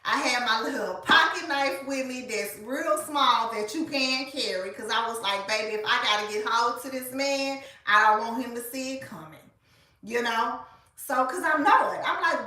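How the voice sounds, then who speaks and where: A woman, telling a story in a casual, animated way and speaking straight to her listeners. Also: fairly high pitch, normal speed, distant mic. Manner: animated, colloquial, addresses listeners as y'all. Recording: echoey room, voice off-mic.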